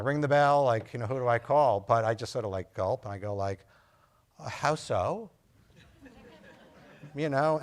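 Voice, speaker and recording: Chatty man giving a loose medical lecture. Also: medium pitch. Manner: loose and anecdotal, full of fillers, acts out patient dialogue. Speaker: physician lecturer. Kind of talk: conversational lecture to nurse practitioners.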